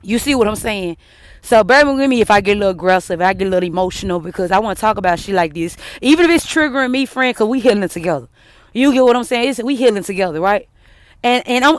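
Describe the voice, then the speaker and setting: A woman telling a personal story to her viewers, blunt and cursing, swinging between heated outbursts and hushed apologies. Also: medium pitch, no room sound. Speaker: vlogger. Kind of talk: emotional personal storytelling to camera.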